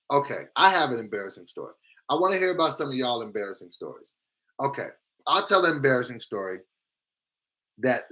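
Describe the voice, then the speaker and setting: A man hosting a casual live stream, reading viewer comments aloud with big reactions, swinging between loud exclamations and quiet asides. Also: medium pitch. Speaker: livestream host reading chat comments.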